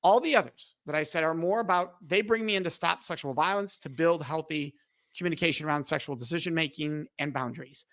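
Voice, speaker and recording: A man's voice: on the high side, a little fast, fairly bright tone, no echo. A middle-aged man and podcast guest, explaining emphatically and acting out quoted dialogue in conversation. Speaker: podcast guest, speaker on respect.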